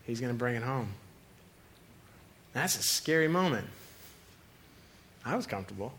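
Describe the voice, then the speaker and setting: A man's voice: mid-range voice, sing-song, moderate pace, a bit bright, a little hiss or hum. A young man preaching a sermon in a casual storytelling way, often laughing and acting out the voices of the people in his stories. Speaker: pastor.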